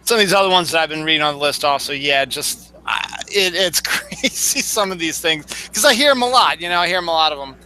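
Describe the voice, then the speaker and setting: A man's voice: a little high, animated, a little fast, few pauses, pushed and bright, a little hiss or hum, poor audio. A man co-hosting a podcast in casual chat, chatty and playful, often stumbling and restarting his sentences. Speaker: podcast co-host.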